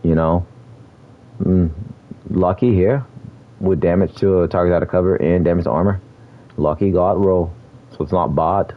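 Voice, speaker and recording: Over phone-quality sound, a low-voiced gaming streamer talks at normal speed with long pauses, delivering laid-back gameplay commentary. He's chatty, laughs often, and uses slang.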